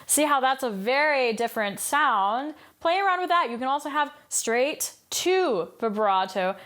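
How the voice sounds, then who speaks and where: A woman's voice: high-pitched, animated, normal speed, hardly any pauses, fairly bright tone. A woman vocal coach giving a singing lesson, explaining exercises in an upbeat way and demonstrating them by singing scales.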